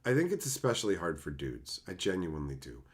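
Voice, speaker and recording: A man's voice: sing-song, brisk. Canadian guy streaming, joking around with chat, swears a ton, laughs, then gets serious and gives advice. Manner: crude, joking, frequent laughter; swings to low earnest advice. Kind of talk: casual live-stream chat.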